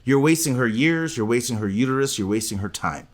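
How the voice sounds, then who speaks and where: A man's voice: mid-range voice, animated, fairly quick. A man co-hosting a podcast, giving blunt opinions in a casual chat. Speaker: podcast co-host.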